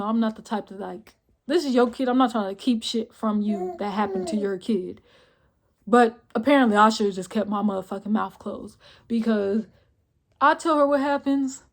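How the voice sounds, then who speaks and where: Blunt, profane young woman telling a story. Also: a little high. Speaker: vlogger. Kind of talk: casual storytime vlog.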